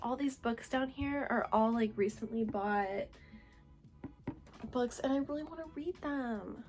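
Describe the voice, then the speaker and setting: A young woman in her twenties talking excitedly to camera about books at home, gushing with lots of filler words. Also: fairly high pitch, measured pace, over music. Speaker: book vlogger. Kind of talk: casual reading vlog chat.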